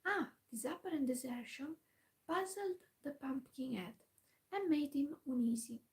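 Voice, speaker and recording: A woman in a whispered role-play, reading a classic storybook aloud softly with quiet asides. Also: high voice, measured pace, low-quality recording.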